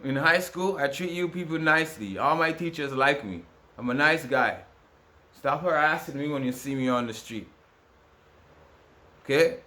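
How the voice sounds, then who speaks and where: A man vlogs to camera in a rambling, repetitive, aggrieved rant, restarting often. His fairly high voice is pushed and bright, at normal speed, in a casual monologue.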